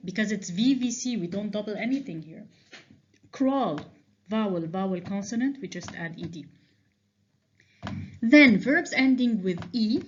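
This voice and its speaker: A woman teacher giving a recorded grammar lecture to ninth graders, patiently stressing key points and checking in often. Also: mid-range voice. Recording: slightly dull lo-fi sound with faint noise.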